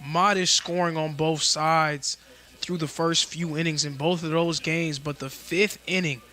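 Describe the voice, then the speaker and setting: A man doing live play-by-play commentary for a college baseball game, with a measured, informative delivery. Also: a little high, fairly even intonation, sharp tone. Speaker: play-by-play announcer.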